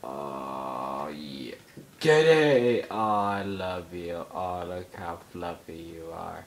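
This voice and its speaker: A young man giving excitable let's play commentary, yelping and mock-outraged as he explores. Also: low voice, slow, gravelly, a little hiss or hum. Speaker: gamer.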